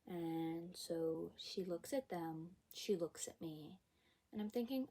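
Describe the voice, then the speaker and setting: A young woman telling a personal story from school in a vlog, expressive and emphatic, with occasional whispered asides. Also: medium pitch, unhurried.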